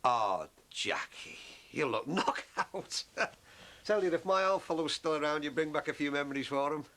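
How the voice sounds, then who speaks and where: A man's voice: fairly high pitch, normal speed, fairly bright tone, close to an everyday voice. An actor playing a matey, jovial middle-aged man. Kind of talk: soap opera acting.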